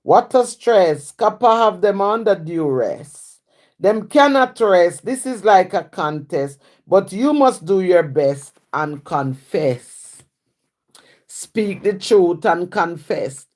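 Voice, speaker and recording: A woman's voice: lowish voice, takes it slowly. A woman from Jamaica with a Jamaican accent, a writer reciting her own rhyming poems in a rhythmic patois cadence and chatting casually with viewers on a live stream. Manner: rhythmic rhyming recitation in patois, then relaxed chat with fillers. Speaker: writer and poet.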